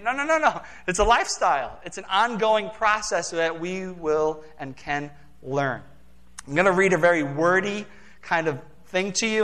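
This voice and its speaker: A man, the church's pastor, preaching a casual, animated sermon in a church and acting out quoted voices along the way. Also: fairly high pitch. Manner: animated, acts out quoted voices, conversational asides. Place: church sanctuary.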